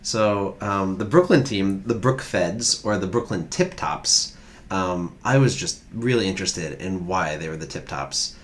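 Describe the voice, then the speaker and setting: Low-voiced man telling trivia stories. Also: animated, unhurried, slight background noise. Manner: rambling, researched storytelling with fillers. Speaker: podcast co-host presenting trivia. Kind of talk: casual trivia chat.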